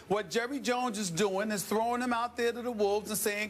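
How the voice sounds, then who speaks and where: A man co-hosting a heated sports debate, loud, sarcastic and theatrical, shouting to make his points. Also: sits high, steady tone, moderate pace, hardly any pauses.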